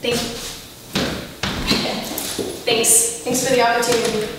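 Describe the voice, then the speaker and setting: A woman's voice: fairly high pitch, flat delivery, measured pace, natural voice. A woman playing an eager, anxious young actress in a comedy sketch who sounds hesitant and keeps apologizing. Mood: nervous. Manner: hesitant, apologetic, lots of fillers. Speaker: auditioning actress. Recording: echoey room, far from the mic, noisy.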